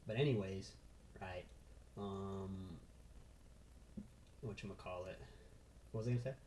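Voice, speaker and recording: A man walking through a trading chart in an excitable, casual way, punctuating every point with "right?" and "boom." His voice is warm and mellow, recorded with a roomy echo. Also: a little slow, slight background noise. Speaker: trading instructor.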